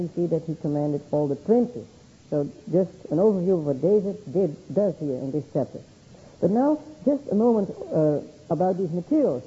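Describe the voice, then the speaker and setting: A man's voice: a little high, husky. A man giving a verse-by-verse Bible study to a congregation, teaching steadily and sometimes correcting himself mid-word. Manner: steady teaching with frequent short self-corrections. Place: meeting room with a congregation. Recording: dull lo-fi recording.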